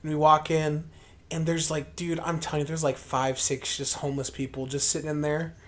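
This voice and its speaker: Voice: medium pitch, flat delivery, fairly quick. Rambling, profane podcast storyteller. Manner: rambling, profane, full of fillers; acts out own past remarks in a livelier voice. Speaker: podcast co-host. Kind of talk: casual storytelling chat.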